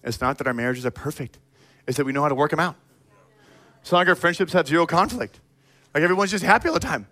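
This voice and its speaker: A pastor delivers an animated, emphatic sermon to his congregation, his voice pitched fairly high. He calls people out directly and slips into quick asides where he acts out other people.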